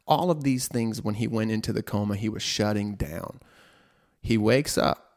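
A young man with a lowish, slightly mellow voice casually shares a personal faith testimony at a moderate pace. He's chatty and self-mocking, laughing at himself and filling his talk with "like" and "right?".

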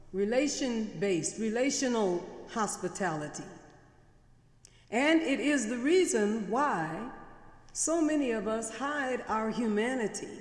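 A woman preaching a sermon as guest preacher, in measured, deliberate phrasing with pauses for emphasis. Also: fairly high pitch, darkish tone. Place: large church. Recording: echoey church with long reverb.

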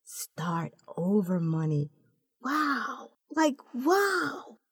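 A woman voicing an excitable young female friend who talks loudly and eagerly in a storybook tale. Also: fairly low pitch, takes it slowly, no echo, clean studio sound. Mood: awed whisper. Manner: excited, breaks into loud exclamations and whispers.

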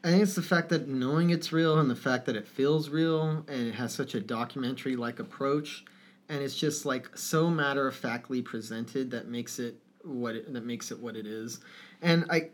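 A man's voice: mid-range voice, normal speed. A man with an ordinary mid-range voice talks casually about films with a co-host. He speaks with feeling, drops swear words freely, and laughs now and then. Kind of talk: casual film discussion.

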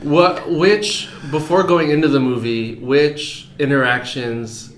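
Man, host, casual chat, higher voice, profane, laughs a lot, echoey room. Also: steady tone, slow pace, a little hiss or hum. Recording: roomy echo.

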